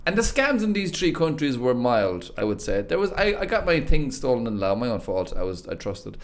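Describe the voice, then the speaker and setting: A man's voice: medium pitch, sing-song, a little fast. A man with an Irish accent, a podcast guest chatting casually and telling rambling, sweary stories with many restarts. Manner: rambling, sweary storyteller who restarts his sentences. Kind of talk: casual chat.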